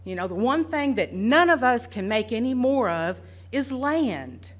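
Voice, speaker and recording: A woman, speaking earnestly and deliberately as a resident during public comment at a meeting. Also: a little high, very animated. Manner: earnest, deliberate, listing details. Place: council meeting room.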